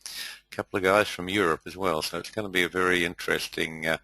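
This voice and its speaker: A man hosting a live online webinar, chatty and hesitant, with frequent filler pauses. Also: sits low, steady tone, creaky, pushed and bright, dry recording, poor audio. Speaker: webinar host and trading tutor.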